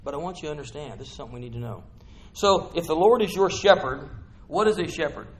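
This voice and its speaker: A middle-aged man preaching a sermon in church, chatty with the congregation and breaking into bursts of excitement. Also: on the high side, fast talker, slight background noise.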